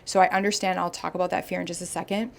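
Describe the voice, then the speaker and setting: A young woman hosting a podcast, retelling a listener's story in a casual, animated way and acting out the people in it. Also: on the low side, rapid-fire, gravelly. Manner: animated, acts out quoted voices. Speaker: podcast host.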